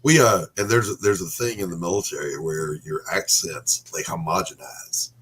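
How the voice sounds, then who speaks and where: A middle-aged man from the South, hosting and telling jokey, animated stories. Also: deep voice, normal speed, husky, soft background music, poor audio. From Southern United States. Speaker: podcast host. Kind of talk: casual chat.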